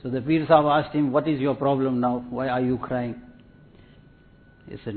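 A man's voice: mid-range voice, steady tone. Man preaching, tinny audio. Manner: measured, repetitive preaching cadence. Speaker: Islamic preacher. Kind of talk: sermon with anecdotes.

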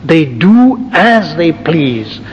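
A man's slightly high voice, full of big pitch swings, gives a measured, point-by-point sermon as a religious teacher, peppered with lists and asides. The lo-fi recording has long hall reverb and a bit of hiss or hum.

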